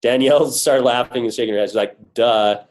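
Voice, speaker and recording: A man's voice: mid-range voice, fast talker, darkish tone, low-quality recording. A man with a cold giving an upbeat, emphatic motivational talk on a team coaching call, full of rhetorical questions. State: has a cold, voice worn. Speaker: corporate guest speaker on a team call.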